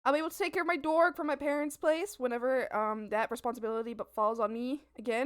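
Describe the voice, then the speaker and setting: A woman's voice: high-pitched, steady tone, fast, few pauses, clear, resonant tone. A young woman streaming her art at home, chatting casually while she draws, bubbly and breaking into squealed exclamations. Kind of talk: casual chat while drawing. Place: home apartment.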